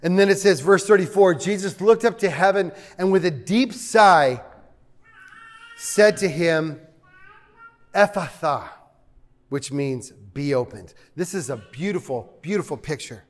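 Male pastor, light high voice, chatty sermon delivery with humorous asides. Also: expressive, moderate pace. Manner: conversational, joking asides to the congregation.

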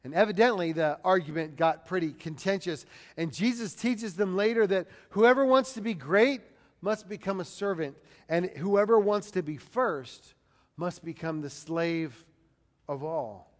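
At a measured pace and with lively intonation, a preacher gives a sermon in a high, light voice that swings between quiet reflection and loud scripture declamation. He performs the voices of those he quotes, his words echoing with long reverb as in a large hall.

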